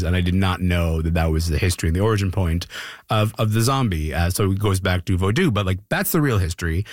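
Male host, very deep yet lively voice, dry close sound, casual and eager. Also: no room sound. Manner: conversational, enthusiastic, casual phrasing. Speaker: interview host. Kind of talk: interview questions.

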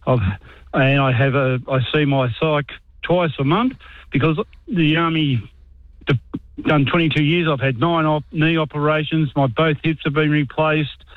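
An Australian man, an army veteran calling in, halting and frustrated. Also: fairly high pitch, fairly even intonation, no echo. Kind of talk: talkback phone call. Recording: tinny phone line.

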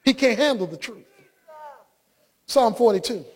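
A male preacher delivering an impassioned sermon that often rises to shouting. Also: very high voice, animated, measured pace, slightly rough.

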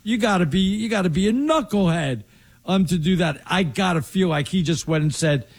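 A man's voice: sits high, expressive, normal speed, breathy edge. A man co-hosting a sports talk show, rambling and emphatic in casual chat. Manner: rambling, restarts often, emphatic opinions. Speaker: podcast co-host.

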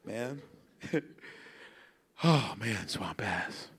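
A man's voice: on the low side, animated, very slow, fairly bright tone, slight background noise. A male stand-up comedian performing an exasperated, profane routine and talking straight to the audience. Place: comedy club stage.

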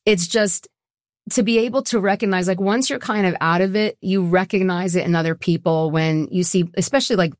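Earnest middle-aged woman, low voice. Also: steady tone, brisk, no echo, clean studio sound. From Southwest Florida. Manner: earnest, personal, emotional storytelling. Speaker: guest, nonprofit co-founder. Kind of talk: casual interview conversation.

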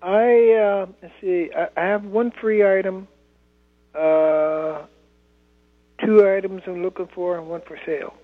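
A man's voice: high voice, steady tone, measured pace. A man calling in to a radio show, talking plainly and hesitantly with many fillers. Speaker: caller. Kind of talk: phone-in call. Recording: tinny phone line.

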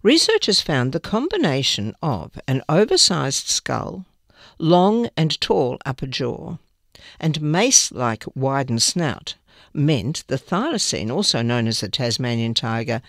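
A man's voice: mid-range voice, very animated, a little slow, fairly bright tone, dry recording, studio quality. A man reading newspaper articles aloud, with small slips now and then. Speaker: newspaper reader.

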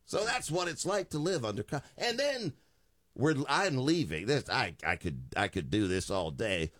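A man's voice: medium pitch, big pitch swings, moderate pace, a bit bright, no room sound. A man in his fifties, a radio talk show host, telling a joking story in a studio.

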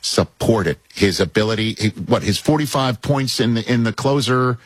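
A man's voice: mid-range voice, normal speed, slightly rough, no room sound. A man hosting a casual sports talk show, talking animatedly with many restarts and repeated words.

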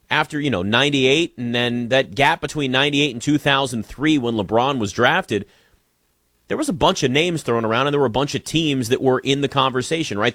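A man hosts a casual sports talk show, pushing his opinions with emphasis. His pitch swings widely as he talks. The sound is dry and close, with no room around it. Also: a bit bright, dry recording.

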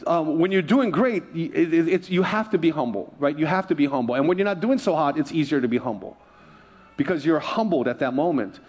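Middle-aged pastor guy from hawaii preaching, fairly high voice, chatty and jokey, repeats himself a lot. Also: brisk. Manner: joking and conversational, repeats phrases. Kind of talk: sermon.

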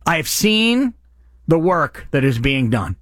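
A man's voice: a little high, sing-song, slow pace, a bit bright, no echo, clean studio sound. A man hosting a radio charity appeal, speaking in an earnest, impassioned way. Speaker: radio host.

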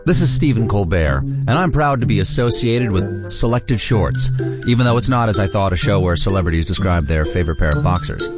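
A man's voice: on the low side, expressive, brisk. A man giving a dry, joking recorded promo for a radio program. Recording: promo spot with music.

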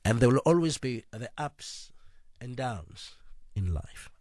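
A man presenting a late-night radio music show in a chatty, easygoing way, with filler pauses. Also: mid-range voice, animated, a little mellow, no echo, clean studio sound.

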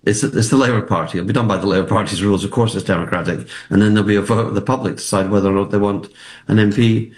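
A man's voice: on the low side, steady tone, rapid-fire. A man, a political commentator, arguing his points emphatically in a news interview, often repeating words as he presses on.

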